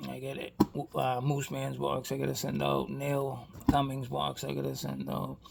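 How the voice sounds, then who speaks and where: A man's voice: medium pitch, monotone, normal speed, gravelly, heavy background noise. A man from Boston with a Boston accent, chatting casually and rambling in a vlog. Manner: rambling, chatty, frequent "you know what I mean". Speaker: toy car customizer vlogger.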